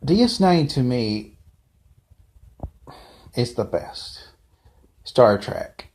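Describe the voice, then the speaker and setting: Slow, rambling man reviewing a show. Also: mid-range voice, sing-song, a little mellow, slight background noise. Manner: rambling, off-the-cuff, frequent asides and restarts. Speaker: fan reviewer. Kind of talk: casual unscripted review.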